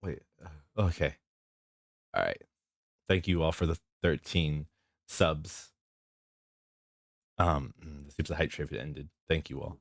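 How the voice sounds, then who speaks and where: A man's voice: a bass voice, takes it slowly, creaky, pauses often, dry recording. A young man streaming as a vtuber, chatting casually and playfully, often cracking up with laughter. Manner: giggly, easily breaks into laughter; mock-grand, playful self-introduction. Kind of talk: casual live stream chat.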